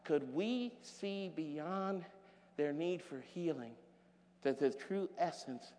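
High-voiced preaching man in a hall. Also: takes it slowly, a little hiss or hum. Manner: preaching with loud shouted peaks and quiet storytelling. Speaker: pastor. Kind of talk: sermon.

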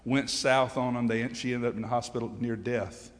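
A man's voice: medium pitch, fairly even intonation, normal speed. A middle-aged man preaching a sermon as pastor, emphatic, with call-and-response questions to the congregation. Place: church sanctuary. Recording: long hall reverb.

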